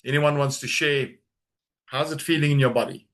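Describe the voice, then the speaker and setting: A man leading a guided grounding exercise on a video call, giving slow, calm, soothing instructions with long pauses. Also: on the high side. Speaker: trauma coach leading a webinar.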